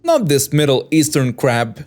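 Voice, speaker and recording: A man's voice: mid-range voice, huge pitch swings, unhurried, darkish tone, soft background music. A man voicing a rude, entitled mother who snaps at people with contempt. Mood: scornful demanding. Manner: snapping, contemptuous. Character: rude entitled mother, middle-aged woman, shrill and scornful.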